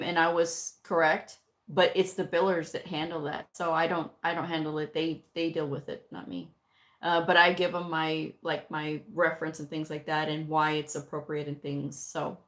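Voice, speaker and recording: Woman, middle-aged, livestream host, casual chat, slightly low voice. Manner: relaxed, chatty, reads out viewer comments. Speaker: livestream host answering viewer questions. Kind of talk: casual live-stream chat.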